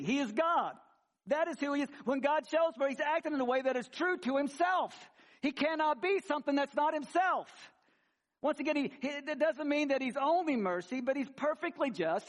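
A male pastor preaching a sermon in an animated style, swinging between loud emphasis and quiet conversational asides with some humor. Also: extremely high pitch. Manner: conversational, with frequent restarts and humor. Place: church sanctuary.

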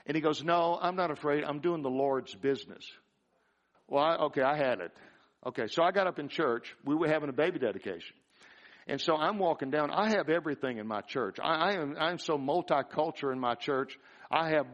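Fired-up male pastor preaching, lo-fi. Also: a little high. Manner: excited preaching, repeats and restarts words. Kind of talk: sermon. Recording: dull lo-fi sound.

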